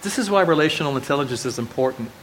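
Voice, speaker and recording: A man's voice: a little high, lively intonation, very fast, a bit bright, a little hiss or hum, low-quality recording. A middle-aged man preaching a sermon to a live audience, telling personal stories in a casual way with self-deprecating jokes and asides to the listeners. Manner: conversational storytelling with self-deprecating humor; frequent restarts and asides to the audience. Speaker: pastor. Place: church hall before a live audience.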